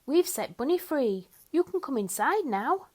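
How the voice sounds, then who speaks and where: A cheerful, kind little boy from a picture book, voiced by a woman reading aloud, with a bright, eager manner. His lines bounce up high, with lots of lilt, and come unhurried and warm. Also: big pitch swings.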